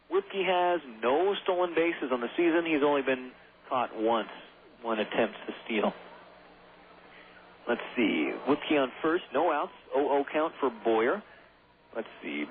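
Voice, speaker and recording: A hoarse man calling baseball play-by-play on the radio, chatty and rambling, with self-deprecating asides. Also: mid-range voice. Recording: tinny phone-like radio broadcast.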